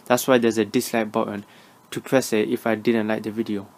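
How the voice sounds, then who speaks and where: A man's voice: on the low side, little pitch movement, brisk. A young man giving sarcastic, mocking reaction commentary. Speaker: reaction YouTuber.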